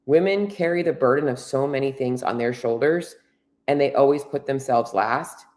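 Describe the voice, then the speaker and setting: A woman fitness coach with a rumbling low, somewhat mellow voice speaks directly to women on her solo podcast. She's earnest, blunt and candid, swearing freely as she coaches.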